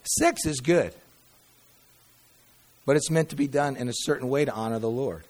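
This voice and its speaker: A pastor preaching a sermon, reading scripture dramatically and breaking into wry, conversational asides, with sudden quiet drops. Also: male voice, mid-range voice, normal speed.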